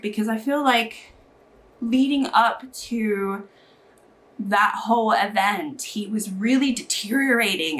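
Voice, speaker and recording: A woman's voice: on the high side, a bit bright. A woman beauty vlogger chatting casually while getting ready, rambling with lots of fillers. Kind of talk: chatty get-ready-with-me talk.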